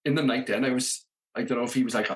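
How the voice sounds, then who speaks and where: Welsh guy from the valleys rattling off tour stories, quick, keeps doing the voices of everyone. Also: medium pitch. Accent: South Welsh. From Wales, Merthyr Tydfil area. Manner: animated, acts out quoted dialogue, many "you know what I mean". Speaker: podcast guest, rock drummer. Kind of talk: casual storytelling.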